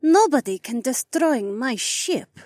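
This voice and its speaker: A man's voice: very high voice, very animated, a little mellow, dry recording, clean studio sound, voice pushed up, exaggerated voice. A man voicing a proud, blunt alien woman pilot who talks in clipped, broken English. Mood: matter-of-fact. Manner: clipped, halting speech with dropped words.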